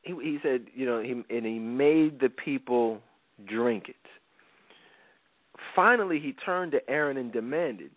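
A man's voice: medium pitch, a little slow, dry recording. A man co-hosting a podcast, casually retelling a Bible story with slang and frequent laughs. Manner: animated, slangy, laughs often. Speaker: podcast co-host. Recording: dry thin phone-like sound.

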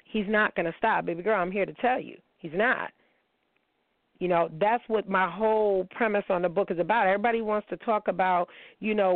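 A middle-aged woman rants on a radio talk show, blunt, profane and confrontational. Her voice sits at an ordinary middle pitch. The sound is dry and squeezed into a thin, phone-like band. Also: dry recording. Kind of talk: unscripted radio monologue.

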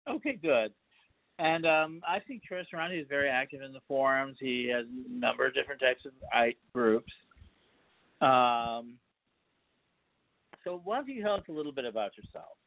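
A Chicago man hosts a casual interview podcast, his medium-pitched, expressive voice moving at a moderate pace with long pauses. He rambles, often restarting and using fillers. The recording is dry, with a tinny phone-line sound.

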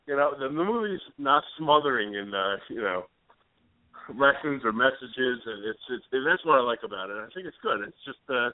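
A man's voice: medium pitch, animated, normal speed, no echo. A man co-hosting a radio show, chatting casually in a rambling way with lots of fillers. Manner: rambling, hesitant, full of fillers. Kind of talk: casual chat. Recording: tinny phone-like sound.

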